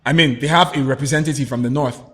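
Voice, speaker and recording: A man giving his views as a guest on a political talk show, opinionated and halting, with frequent restarts. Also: medium pitch, fairly bright tone. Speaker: guest commentator.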